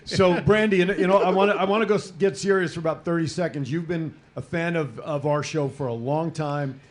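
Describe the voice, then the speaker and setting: A man's voice: a little high, brisk, a little hiss or hum. A man hosting a casual talk show, laughing and bantering with his co-hosts and callers. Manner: laughing, easygoing. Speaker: host. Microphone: studio microphone.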